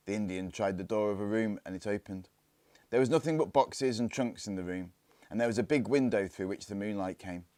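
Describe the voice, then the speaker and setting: Deep calm guy reading a kids story, dry close mic. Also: fairly quick, no echo. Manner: calm, hushed in tense parts. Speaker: story reader. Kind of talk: storybook narration.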